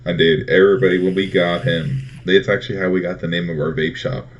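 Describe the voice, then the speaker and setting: A man with a very low voice chatting casually as co-host. He tells stories loosely and animatedly, acting out what others said. The audio is dull and lo-fi. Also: fast talker, slight background noise. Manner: animated storyteller, acts out quotes. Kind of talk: casual chat.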